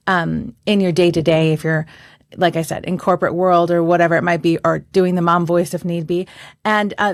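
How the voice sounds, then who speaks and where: In a clean studio recording with no echo, a woman with a lowish voice chats casually as a voice coach and podcast co-host. Her trained singer's voice projects well, and she speaks carefully, hedging her words.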